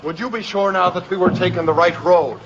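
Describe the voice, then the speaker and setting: An actor playing a man on a foggy road in a low-budget film, with theatrical delivery. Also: fairly quick, dull audio, music in the background. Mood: worried. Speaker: film character. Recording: distant, echoey film audio with outdoor noise.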